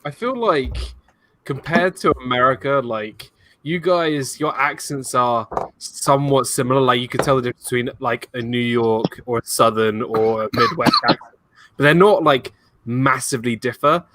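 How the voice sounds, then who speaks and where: A man with a London accent banters in a relaxed group chat. His tone is teasing and joking, and a faint hiss sits behind him. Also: medium pitch, normal speed. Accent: London English. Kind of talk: casual chat.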